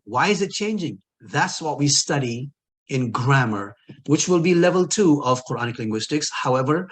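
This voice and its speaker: A man's voice: medium pitch, animated, moderate pace, slightly rough. Man teaching Arabic grammar, patient questions. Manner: explains patiently, repeats key words, asks the listener questions. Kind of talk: recorded lecture.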